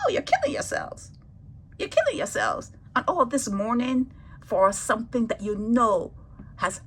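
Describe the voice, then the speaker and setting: Husky woman vlogger preaching at the camera, repeats herself a lot, goes loud then quiet. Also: mid-range voice, rough recording. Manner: preachy and emphatic, repeats phrases, swings from loud to hushed. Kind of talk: impassioned monologue to camera.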